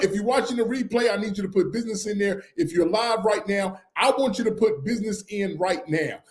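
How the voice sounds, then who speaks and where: A man co-hosting a podcast, teaching in an energetic, emphatic way and repeating his key points again and again. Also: high-pitched, roomy sound. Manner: repetitive and emphatic, drills points over and over. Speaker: podcast co-host teaching business credit. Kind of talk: energetic live-stream teaching.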